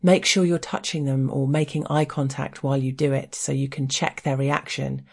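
A woman's voice: very deep voice, little pitch movement, moderate pace, vocal fry, a little mellow, breathy edge. An Englishwoman reading her own frank personal essay aloud in a wry, candid, playful way.

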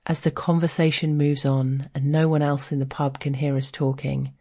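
A woman's voice: rumbling low, little pitch movement, moderate pace, mellow. An Englishwoman reading her own frank personal essay aloud in a wry, candid, playful way.

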